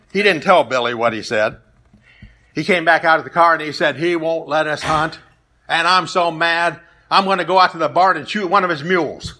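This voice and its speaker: A man's voice: on the high side, pushed and bright. A man preaching a sermon, retelling stories and scripture in a plain, conversational way. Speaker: pastor.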